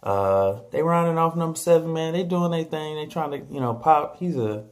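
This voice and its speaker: A man talking casually about basketball standings on his vlog, animated and joking, trash-talking teams and players. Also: fairly high pitch, moderate pace. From San Antonio, Texas. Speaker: vlogger.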